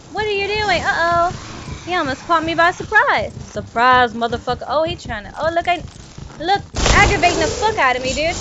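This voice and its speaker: A high-voiced woman streams a shooter, chatting loosely with her viewers and swearing hard whenever an opponent gets the jump on her. Her desk mic sounds dull and lo-fi, and the game's music plays loudly underneath her voice. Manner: profane, quick to anger, talks to chat and game. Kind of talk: casual gaming livestream chat.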